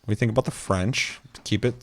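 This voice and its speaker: A man's voice: on the low side, fast, creaky. Profane, joking male podcast host. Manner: profane, jokey, slips into silly mocking voices. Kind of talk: casual gaming podcast chat.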